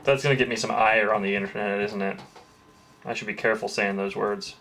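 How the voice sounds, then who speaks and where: A man's voice: fairly low pitch, fairly even intonation, a little fast, a bit bright. A man hosting a crafting livestream, chatting casually and answering his chat as he works. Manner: chatty, reads and greets chat, swears lightly.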